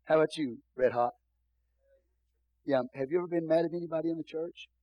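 A man's voice: a little high, fairly quick, no echo, dull audio. A male pastor preaching a sermon in a church, repeating phrases and calling out hallelujah.

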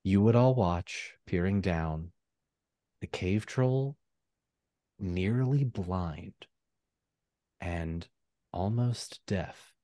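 A man running a tabletop game as game master with measured, descriptive narration. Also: sits low, mellow, no echo, studio quality.

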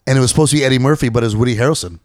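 A man co-hosting a podcast, chatting casually and tossing in quick jokey interjections. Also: medium pitch, dry recording, clean studio sound. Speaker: podcast co-host. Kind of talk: casual chat.

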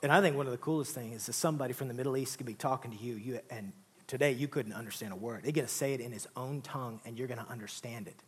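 A pastor preaching a sermon in a conversational, joking way, often saying "listen" and "all right". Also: male voice, mid-range voice, rapid-fire, breathy edge.

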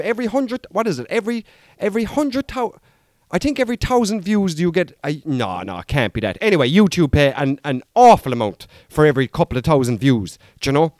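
A man's voice: a little high, dry recording, studio quality. An Irish man hosting a podcast in a rambling, self-mocking comic monologue full of chatty asides. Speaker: podcast host.

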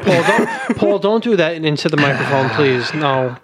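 A man's voice: fairly high pitch, lively intonation, normal speed, a loud crowd. A young man co-hosting a podcast, teasing his friends with wry remarks in casual banter. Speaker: podcast co-host.

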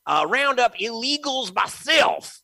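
A man's voice: extremely high pitch, sing-song, takes it slowly, vocal fry, sharp tone, dry recording, voice pushed up, full character voice. A man putting on a mocking folksy drawl as a Southern governor.

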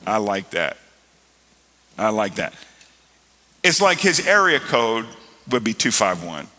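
Male pastor, sharp bright tone, preachy and emphatic, church hall reverb. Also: lowish voice, sing-song, slow pace, a little hiss or hum. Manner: preachy, rising to loud emphatic stretches. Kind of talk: sermon. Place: church sanctuary.

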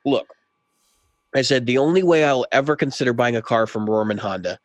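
A man's voice: mid-range voice, a little fast, no echo. A man co-hosting a podcast who tells a long story in casual chat and acts out both sides of a heated exchange. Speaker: podcast co-host.

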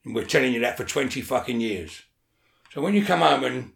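A man's voice: medium pitch, big pitch swings, normal speed, vocal fry, reverberant. A man talking as an interview guest in casual chat, blunt and swearing a lot, often checking that the listener follows.

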